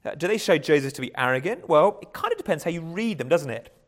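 A man's voice: on the high side, big pitch swings, quick pace. A man preaching a conversational sermon, often restarting words and chuckling lightly.

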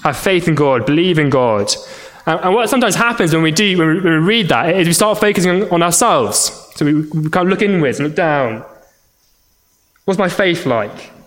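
A man preaching a sermon as pastor, earnest, often repeating words as he restarts, rising in pitch to stress a point. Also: expressive, brisk, a bit bright.

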